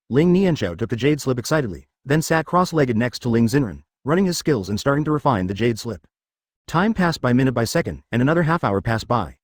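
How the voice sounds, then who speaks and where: A man narrating a web novel in an even, matter-of-fact way. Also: mid-range voice, fairly quick, dry recording, clean studio sound. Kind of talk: web novel read-aloud.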